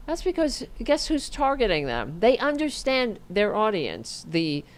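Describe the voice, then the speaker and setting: Host, woman, low-pitched, sarcastic and profane political ranter. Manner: reads online comments aloud mockingly. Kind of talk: angry political commentary, solo stream.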